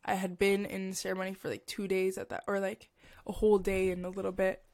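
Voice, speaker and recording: A young woman hosting a podcast, telling a deeply personal story in a halting, emotional way with many fillers and restarts. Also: monotone, darkish tone. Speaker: podcast host.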